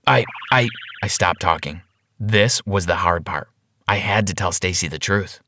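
A man narrating a first-person animated story in an expressive style, slowing down for dramatic reveals. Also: deep voice, no room sound, clean studio sound.

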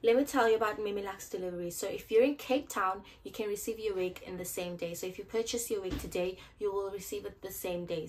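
A young woman with a South African accent talks through installing a wig at home. She is chatty and playful. Her pitch sits in the middle of the range. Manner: chatty and playful, loud outbursts. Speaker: hair vlogger. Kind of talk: casual hair tutorial chat.

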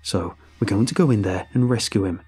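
A man's voice: fairly low pitch, brisk, darkish tone, slightly rough. A man voicing a stern, loyal military captain who talks in a firm, commanding way.

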